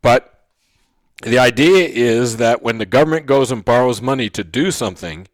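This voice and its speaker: A man giving a recorded economics lecture in a mid-pitched voice. He keeps checking in with his listeners with "okay?" and "right?", and he goes back over key points slowly. The recording is dry and close, with no room sound. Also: lively intonation, no room sound. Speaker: economics teacher.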